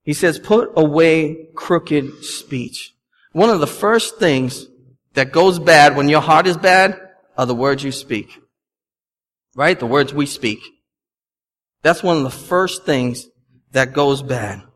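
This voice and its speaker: A man's voice: a little high, animated, takes it slowly, long pauses, fairly bright tone. A young adult male pastor preaching a sermon in a conversational, emphatic way, with asides to the congregation. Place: church sanctuary. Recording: long reverb from a church hall.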